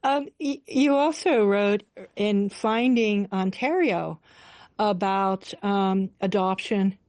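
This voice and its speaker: Woman radio host, interviewer: slow, gentle and a bit hesitant, recorded dry. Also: medium pitch, no echo.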